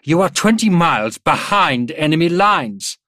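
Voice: a man putting on a stern male general. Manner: curt, officious, demanding. Pitch: raised. Volume: loud. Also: animated, a little slow, no room sound, clean studio sound. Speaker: military general on a vox link.

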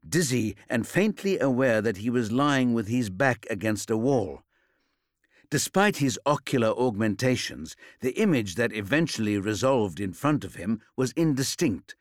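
A man reading an audiobook aloud in a measured, scripted narration style. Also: on the low side, dry recording, clean studio sound.

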